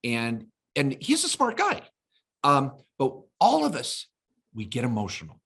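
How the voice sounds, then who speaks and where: A man's voice: mid-range voice, huge pitch swings, unhurried, gravelly, sharp tone, breathy edge. A man co-hosting a podcast in casual chat, telling stories and acting out quoted voices with energy. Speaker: podcast co-host.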